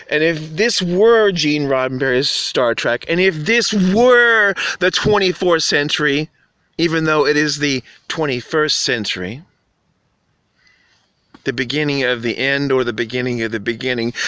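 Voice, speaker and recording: Man, fairly high voice, rambling earnest plea, dry close sound. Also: sharp tone, smooth, no room sound. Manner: rambling, earnest, preachy appeals. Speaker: vlogger. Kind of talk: impassioned monologue to camera.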